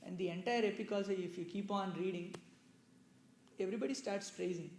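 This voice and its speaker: Mellow-voiced man telling scripture in an echoey room. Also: high-pitched, brisk, creaky, a little hiss or hum. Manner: loose, explanatory, with many "you know" asides. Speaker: religious storyteller. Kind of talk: conversational scripture discourse with questions.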